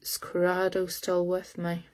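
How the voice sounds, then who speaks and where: A woman giving a live-streamed psychic reading over her phone, talking in a halting way as she searches aloud for words. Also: on the low side, completely flat delivery, darkish tone. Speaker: psychic medium.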